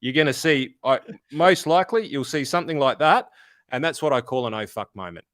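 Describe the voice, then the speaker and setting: A man's voice: a little high, animated, a little fast, a bit bright, dry recording, studio quality. An Australian man co-hosting a finance podcast, talking bluntly and swearing freely in casual chat. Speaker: podcast co-host.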